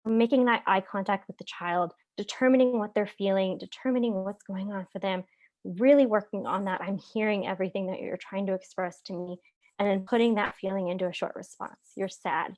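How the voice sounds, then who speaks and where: A woman's voice: medium pitch, steady tone, normal speed, darkish tone. A woman therapist presenting a parenting webinar in a conversational way, with many "um"s and frequent "right?" check-ins.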